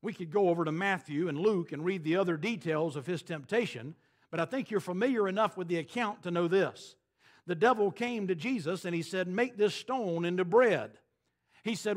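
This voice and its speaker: A man preaching a sermon as pastor, emphatic, pausing for effect and quoting scripture. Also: sits high. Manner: emphatic, preaching with dramatic pauses and quoted scripture.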